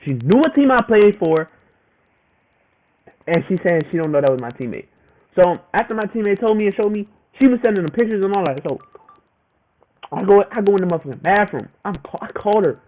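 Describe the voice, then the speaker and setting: A man's voice: high voice, animated, fairly quick, pauses often. A young man telling a storytime to the camera in casual, profane slang, repeating himself as he goes. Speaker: vlogger. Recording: tinny phone-like audio with faint noise.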